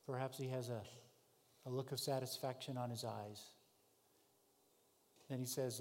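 A man's voice: mid-range voice, steady tone, normal speed, pauses often. Man preaching in a reverberant hall. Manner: vivid second-person storytelling, shifting from shouts to hushed tones. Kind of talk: sermon.

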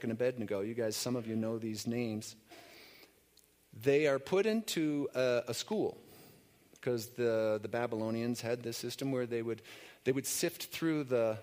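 A man preaching to his congregation in an easy, conversational way. He tells stories loosely and often restarts his sentences along the way. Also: mid-range voice. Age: adult. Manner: relaxed storytelling, loose with fillers and restarts. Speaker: pastor. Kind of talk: conversational sermon.

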